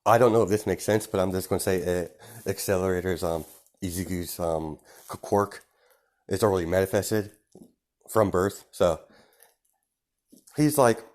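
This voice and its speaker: A man makes up a fan story as he goes, rambling and padding it with fillers. His voice is very low and deep. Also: moderate pace, pauses often, a little mellow. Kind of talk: casual improvised storytelling.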